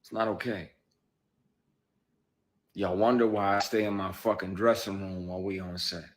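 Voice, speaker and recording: A man's voice: deep voice, steady tone, a little fast, a little hiss or hum. A middle-aged man speaking candidly about his work as an actor, blunt and emphatic, with plenty of profanity and rising intensity. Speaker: actor telling his story. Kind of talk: candid conversational interview.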